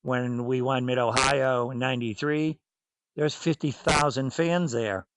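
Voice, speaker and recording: Heard in a dry, rough recording, this man's mid-range voice is steady, a little slow, and fairly bright. In his fifties, with a Boston accent and roots south of Boston in New England, the former racer and team owner bluntly tells stories in a casual interview, voicing the people in them.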